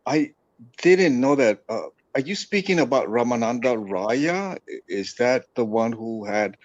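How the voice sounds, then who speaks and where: A man's voice: mid-range voice, lively intonation, a little slow. A man asks a polite question with many hesitations and repeated words. His voice comes through dull and muffled, like audio from an online call. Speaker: attendee asking a question. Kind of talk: casual question in an online class.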